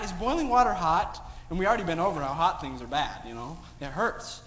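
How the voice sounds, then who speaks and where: A man's voice: fairly high pitch, brisk, few pauses. A man telling a moral story to children in a sermon, asking them lots of questions. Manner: asks children many questions, animated storytelling. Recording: echoey hall, dull sound, faint noise.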